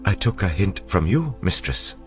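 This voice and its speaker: A man voicing a calm, formal male scholar in an audiobook, polite and measured, on a dull lo-fi recording with faint music. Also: low-pitched, voice pushed up.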